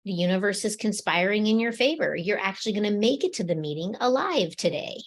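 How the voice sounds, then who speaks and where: A woman's voice: mid-range voice, expressive, a little fast. Woman telling everyday examples. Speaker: podcast co-host. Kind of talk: spiritual talk chat.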